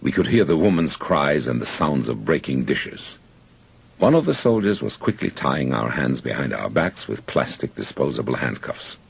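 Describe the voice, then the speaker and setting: A man narrating an audiobook in first person with measured storytelling. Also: rumbling low, big pitch swings, gravelly, breathy edge.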